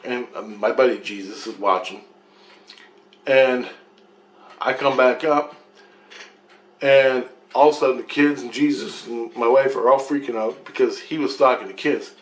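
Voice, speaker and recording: Brief: male vlogger, mid-pitched, rambling, swearing and restarting as he talks. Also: moderate pace, pauses often, low-quality recording. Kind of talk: rambling first-person storytelling.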